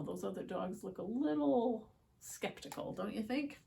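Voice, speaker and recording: A woman's voice: medium pitch, lively intonation, moderate pace, creaky, dark tone. A woman reading picture books aloud to children, with chatty asides and questions for the young viewers. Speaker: children's story time reader.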